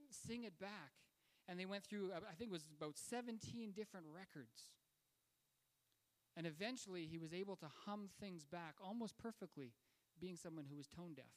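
A man preaching a sermon and telling a story in a conversational way, with fillers and restarts. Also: high-pitched. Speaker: pastor. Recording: long hall reverb.

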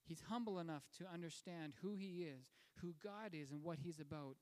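Speaking fairly quickly in a slightly high, somewhat mellow voice, a male pastor preaches and recounts a story in a conversational manner, full of fillers and restarts. The recording carries a long hall reverb.

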